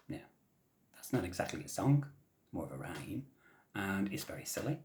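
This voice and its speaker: A man telling traditional stories to children in a gentle, soft-spoken way that often drops to a whisper. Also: lowish voice, sing-song, moderate pace, pauses often. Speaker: traditional storyteller. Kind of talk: storytelling for children.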